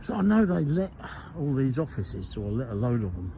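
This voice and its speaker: A man's voice: medium pitch, big pitch swings, normal speed, mellow. A man filming outdoors on an industrial estate, making wry, chatty asides into a handheld camera mic. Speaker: vlogger filming in public. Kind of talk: casual running commentary. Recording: dull lo-fi sound, clear street noise.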